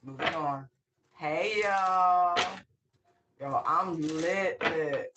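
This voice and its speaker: A woman giving a casual spiritual tarot reading, emphatic and outspoken. She repeats her phrases, swears freely and breaks into excited whoops. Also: lowish voice, very slow, noisy background. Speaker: tarot reader.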